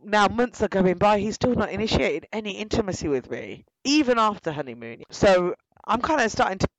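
Young woman, casual storytelling, outspoken, lively, dry close sound. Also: medium pitch, a little fast, no room sound, rough recording. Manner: animated, outspoken, addresses listeners directly. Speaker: guest telling her story.

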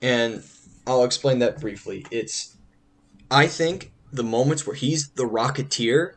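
A man talking over movies with friends in a loose, rambling way, often stopping mid-sentence to find the right word. His voice sits at an ordinary middle pitch, and his pace and tone are everyday. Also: unhurried. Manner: rambling, restarts sentences while hunting for words. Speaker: podcast co-host. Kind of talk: casual film discussion.

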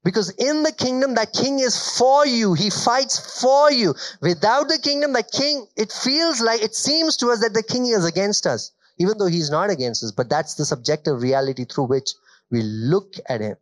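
A man's voice: high-pitched, animated, moderate pace. A male pastor delivers a sermon in a conversational way. He poses questions to his listeners and stretches out key phrases for emphasis. His voice is recorded dry, with no room echo.

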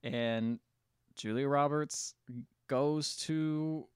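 A man's voice: fairly high pitch, slow, smooth, dry recording, clean studio sound. Rambling man recapping a movie. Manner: rambling, loose storytelling with frequent restarts. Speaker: podcast co-host. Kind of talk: casual chat recapping a film.

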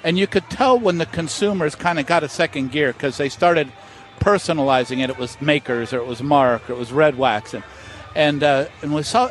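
A man, a master distiller, telling stories in an interview at an outdoor festival, acting out the voices of people in his anecdotes. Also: a little high. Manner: animated storyteller, acts out voices. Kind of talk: storytelling interview.

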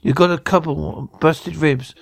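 Man reading as a blunt male rocket pilot, gravelly voice, slow and dry, storybook reading. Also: on the high side, fairly even intonation, no echo. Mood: gruff. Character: gruff male spaceship pilot, blunt and protective.

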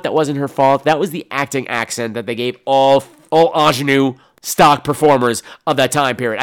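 Male podcast host, slightly high voice, campy and sassy, reading listener letters. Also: a bit bright. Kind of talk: casual solo podcast, reading listener mail.

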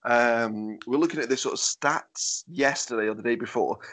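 A man's voice: mid-range voice, moderate pace, fairly bright tone. Stammering Stoke-accented male host. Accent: Stoke-on-Trent. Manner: stammering restarts, laughs often, jokey. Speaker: podcast host. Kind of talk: casual podcast chat.

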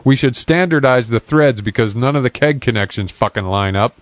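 A man's voice: mid-range voice, a little fast, no echo, highs cut off. Chatty laughing podcast host, a man. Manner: chatty, laughs often, swears casually. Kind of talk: casual podcast chat.

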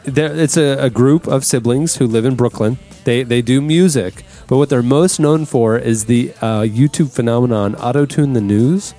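An upbeat man hosting a chatty podcast, laughing easily between items. His voice sits at an ordinary middle pitch. Faint music plays underneath. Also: mellow. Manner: upbeat, laughs often, quick asides. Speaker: podcast host. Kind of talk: casual chat.

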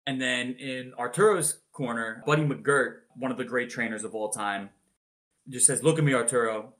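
A man on a podcast retelling a boxing match blow by blow, animated and swearing freely. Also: mid-range voice, moderate pace. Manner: animated, swears freely, acts out announcers' shouted calls. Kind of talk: casual storytelling chat.

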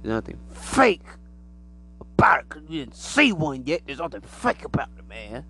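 Gravelly man rambling about aliens. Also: fairly high pitch, normal speed. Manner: animated, acts out imagined alien voices. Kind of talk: rambling conspiracy monologue.

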